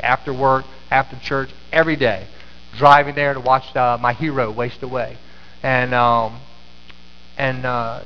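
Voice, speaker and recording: In a church sanctuary, a middle-aged pastor preaches a sermon, telling a story full of restarts and fillers. His voice is medium-pitched, and the echoey recording sounds slightly dull with a little hiss or hum.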